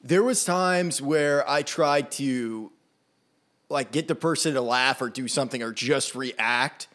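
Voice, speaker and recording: A man's voice: medium pitch, slow pace, fairly bright tone. A man hosting a podcast, asking questions in a chummy, easygoing way. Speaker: podcast host. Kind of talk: casual chat.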